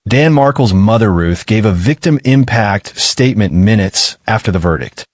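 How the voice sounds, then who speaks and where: A man narrating a true-crime documentary in a measured, scripted way. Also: lowish voice, lively intonation, dry recording.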